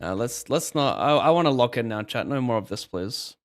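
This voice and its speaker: A man's voice: mid-range voice, animated, fairly quick. A young man streaming poker, chatting casually, swearing and joking at his own expense. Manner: swearing, joking, self-mocking. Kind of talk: casual live-stream commentary.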